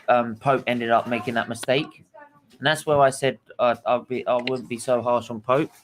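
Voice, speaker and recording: A man's voice: medium pitch, low-quality recording. A man hosting a casual football reaction chat, blunt and sweary, rambling with restarts. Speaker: host.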